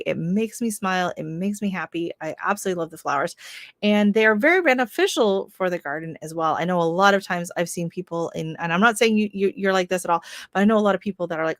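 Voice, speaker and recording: A woman's voice: fairly low pitch, a little fast, dry recording. A Canadian woman hosting a casual gardening livestream, rambling and chatty with lots of fillers. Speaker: gardening channel host.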